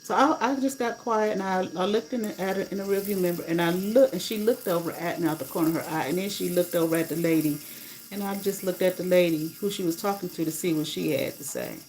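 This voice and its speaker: A woman's voice: lowish voice, quick pace, a little mellow, a little hiss or hum, rough recording. A woman on a casual livestream, telling a story bluntly and indignantly and swearing freely. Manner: blunt, profane, indignant retelling. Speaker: livestreamer and rideshare driver.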